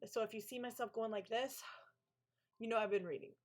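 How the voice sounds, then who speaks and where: A woman's voice: on the high side, fairly quick. A woman author hosting a co-working live stream, chatting casually, gushing and talking back to her chat.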